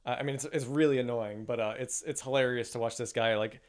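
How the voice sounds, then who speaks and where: Rambly male podcast co-host, middle pitch, dry close recording. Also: fairly even intonation, fast, no room sound. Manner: rambling, many fillers. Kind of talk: casual chat.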